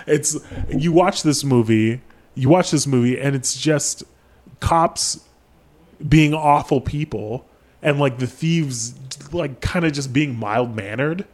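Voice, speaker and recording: Slow and darkish in tone, a medium-pitched young man chats on the podcast he hosts. The talk is loose and full of profanity, with "like" dropped in constantly.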